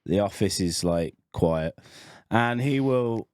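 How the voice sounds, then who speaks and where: A man's voice: fairly low pitch, slow, no room sound, clean studio sound. A man co-hosting a podcast, telling a story with lots of laughter and swearing. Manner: animated, laughs often, swears. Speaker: podcast co-host. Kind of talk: casual storytelling chat.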